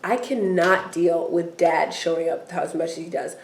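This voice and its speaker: A woman co-hosting a casual recap chat, animated and acting out characters' lines in quick playful voices. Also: on the low side. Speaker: podcast co-host recapping a TV episode. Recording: echoey room, far from the mic.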